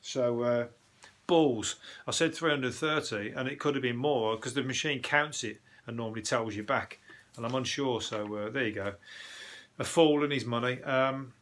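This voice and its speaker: A comedian delivering a casual, rambling monologue reviewing the day's news, full of swearing and jokey asides. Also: male voice, mid-range voice, steady tone, moderate pace, fairly bright tone.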